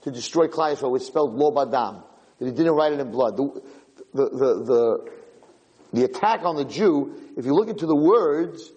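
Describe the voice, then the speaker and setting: A man giving a Torah lecture, telling stories with lively acted-out dialogue and often repeating and restarting his phrases. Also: mid-range voice, normal speed, muffled recording. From United States. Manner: animated storytelling with acted-out dialogue.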